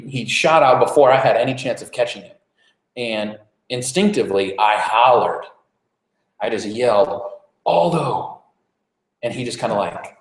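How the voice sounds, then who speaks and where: A man delivering a conversational sermon as pastor, informal, with frequent fillers and restarts. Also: medium pitch. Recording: roomy, echoey church room.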